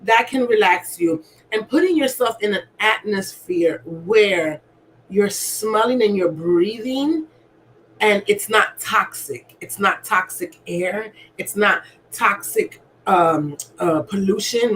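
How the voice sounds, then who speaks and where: A woman's voice: mid-range voice, expressive, takes it slowly, a bit bright, slight background noise, rough recording. A woman speaking as a wellness coach, coaxing her listeners and often asking "right?" as she guides them through breathing. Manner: coaxing, keeps asking "right?", acts out gasps. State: asthmatic. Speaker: alignment coach. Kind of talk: motivational wellness talk.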